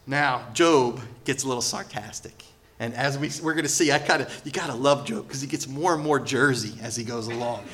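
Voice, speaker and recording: A male pastor delivering a sermon, lively and sarcastic, acting out the people he quotes. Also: mid-range voice, a little fast, slight background noise. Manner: animated, sarcastic asides, acts out quoted voices.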